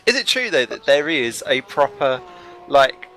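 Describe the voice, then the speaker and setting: A man's voice: medium pitch, sing-song, measured pace, sharp tone, a little hiss or hum. A man hosting a race broadcast, commentating casually and teasing his guests with jokes. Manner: joking, teasing. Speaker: broadcast host.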